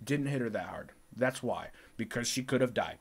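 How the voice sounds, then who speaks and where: A man telling a story to his viewers in a casual, animated rant, profane, rambling and repetitive. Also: mid-range voice, moderate pace, breathy edge. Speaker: vlogger.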